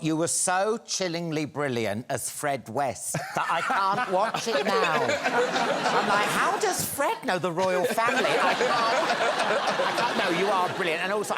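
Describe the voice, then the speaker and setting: A man's voice: fairly high pitch, lively intonation, unhurried, over a noisy crowd, heavy background noise. A man on a chat show sofa, teasing a fellow guest in a jokey way. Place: TV studio with audience. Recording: studio audience laughter behind.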